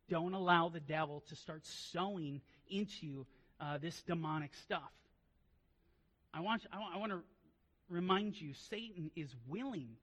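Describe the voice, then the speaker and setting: A man preaching a sermon as pastor, telling stories in quiet asides and then rising into loud, emphatic preaching. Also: on the high side, poor audio.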